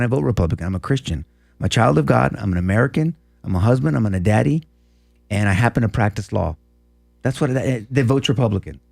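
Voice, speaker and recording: Brief: quick, earnest man, repeats himself, conversational guest. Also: on the low side, gravelly, a little mellow. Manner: earnest, repeats phrases, fast restarts. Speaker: former district attorney, guest. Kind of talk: casual conversational talk.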